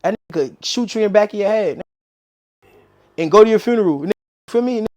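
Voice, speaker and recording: A man telling a story in casual street slang, acting out quoted lines as he goes. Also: high-pitched. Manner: animated street slang, quick quoted dialogue. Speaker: interview guest.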